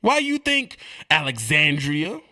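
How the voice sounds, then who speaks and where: A man delivering a streetwise comedic rant, animated and repetitive, swinging between loud and quiet. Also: a little high, slow. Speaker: comedic ranting monologue.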